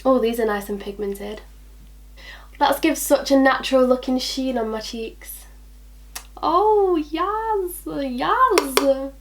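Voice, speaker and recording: A young woman chats through a makeup tutorial in a bubbly, rambling way. Her voice sits a little high. She often talks to herself and to her products as she works. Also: normal speed, a little mellow, slight background noise. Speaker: beauty vlogger. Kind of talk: casual makeup tutorial chat.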